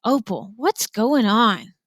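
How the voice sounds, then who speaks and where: A woman reading a novel aloud to students, voicing a bewildered, kindly small-town preacher who talks slowly and calmly. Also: on the high side, no echo, exaggerated voice. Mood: puzzled.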